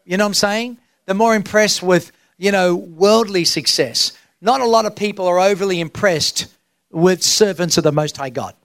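A man's voice: high voice, moderate pace, fairly bright tone, dry recording, studio quality. A middle-aged man preaching a sermon as senior pastor, emphatic and drawn out, asking the crowd rhetorical questions. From Australia.

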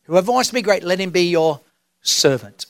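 A man's voice: sits high, expressive, moderate pace, fairly bright tone, no room sound. A middle-aged man preaching a sermon as senior pastor, emphatic and drawn out, asking the crowd rhetorical questions. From Australia.

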